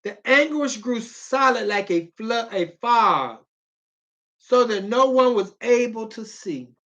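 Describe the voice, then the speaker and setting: With a mid-range, expressive voice and a slow delivery, a preacher reads scripture in an emphatic, pleading sermon, repeating phrases and bursting into shouts. The recording is muffled.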